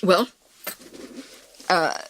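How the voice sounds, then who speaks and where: A woman's voice: very slow, fairly bright tone. A woman answering interview questions in a passionate, emphatic way. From Britain. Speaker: politician, interview guest.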